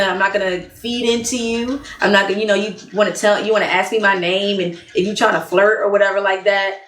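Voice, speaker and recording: A woman's mid-range, somewhat bright voice carries this candid, casual vlog of relationship advice. She's blunt and talkative, laughs frequently, repeats herself for emphasis, and the recording has a roomy echo.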